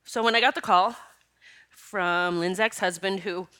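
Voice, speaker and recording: A woman's voice: mid-range voice, steady tone, unhurried, bright, forceful tone, smooth. A middle-aged woman hosting a casual spiritual podcast, tearful and sniffling, talking in an emotional, rambling way with bursts of laughter. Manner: emotional, rambling, breaks into laughter between tears. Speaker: podcast host.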